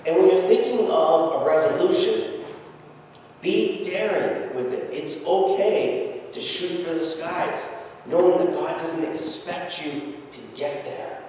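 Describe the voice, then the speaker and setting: Pastor preaching in an echoey church. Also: male voice, a little high, slow pace, slight background noise. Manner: animated storytelling, acting out the scripture quotes. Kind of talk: sermon. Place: church sanctuary. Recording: echoey church hall from far off.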